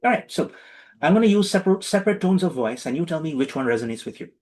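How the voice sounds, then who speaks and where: A man's voice: on the high side, fast talker, poor audio. Playful man giving a humorous talk. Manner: playful, animated, acts out little voices for jokes. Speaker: spiritual teacher giving a talk. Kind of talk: humorous talk to a live and online audience.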